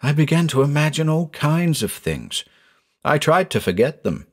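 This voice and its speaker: A man narrating a horror story in a measured, dramatic storytelling manner. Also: a little high, big pitch swings.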